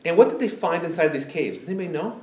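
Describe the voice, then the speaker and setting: A male pastor preaches a sermon in a church sanctuary, keeping it chatty and conversational and putting plenty of questions to the congregation. His fairly high voice moves fast with lively intonation and a darkish tone, picked up by a distant mic in an echoey hall.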